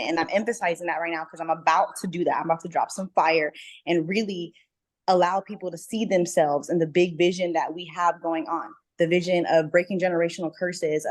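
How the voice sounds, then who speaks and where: Earnest woman stressing every word. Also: on the low side. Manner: earnest, emphatic, repeats words for stress. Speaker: book club member about to host an event. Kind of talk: casual call sharing. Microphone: video call.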